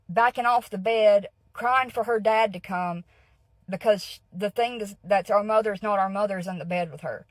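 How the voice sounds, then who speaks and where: A woman's voice: mid-range voice, no echo, rough recording. A woman telling a personal story in a casual, earnest way, often checking in with her listeners. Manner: earnest, keeps checking in with "okay?". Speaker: guest storyteller.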